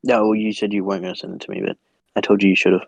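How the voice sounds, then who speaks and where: A young man co-hosting a casual podcast, teasing his friend in a quick, chatty way. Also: fairly low pitch, little pitch movement, dry recording, highs cut off. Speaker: podcast co-host. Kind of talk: casual chat.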